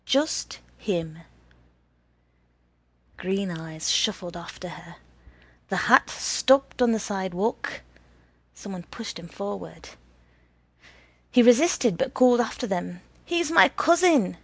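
A woman narrating a story in a measured, deliberate reading with a husky voice. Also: medium pitch, dry recording.

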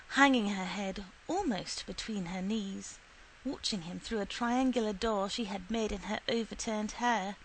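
A woman reading a short story aloud in a steady, unhurried storytelling manner. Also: medium pitch, a little hiss or hum, rough recording. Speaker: reader.

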